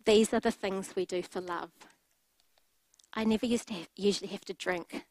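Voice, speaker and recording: A woman's voice: mid-range voice, fairly even intonation, moderate pace, darkish tone, poor audio. A middle-aged woman preaching a sermon, telling personal stories in a candid way with light laughter.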